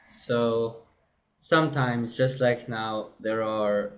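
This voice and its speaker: Male producer explaining his own track at an unhurried pace, in an even and mostly level voice. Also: mid-range voice. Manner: casual and self-correcting, often says "right". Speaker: music producer. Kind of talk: screen-recorded production walkthrough.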